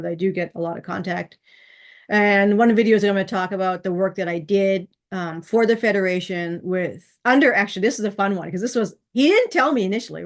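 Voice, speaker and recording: A woman talks straight to her viewers in a loose, rambling story. She fills it with ums and acts out little bits of dialogue. Her voice sits at a middle pitch for a woman. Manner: chatty, rambling, with frequent fillers and acted-out quotes. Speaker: channel host. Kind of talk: casual storytelling to camera.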